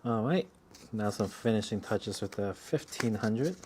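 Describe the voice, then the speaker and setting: A man's voice: on the low side, expressive, measured pace, noisy background. A man doing casual work commentary on a hobby project, rambling and joking between mumbled remarks about the work. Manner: rambling, joking storyteller who mutters while working. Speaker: watch hobbyist. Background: faint sanding and rubbing.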